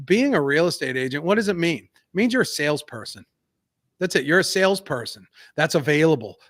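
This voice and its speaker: A man's voice: on the high side, fairly bright tone, dry recording, studio quality. An American man co-hosting a podcast, talking in an earnest, emphatic, somewhat preachy way. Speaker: podcast co-host. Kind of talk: casual podcast talk.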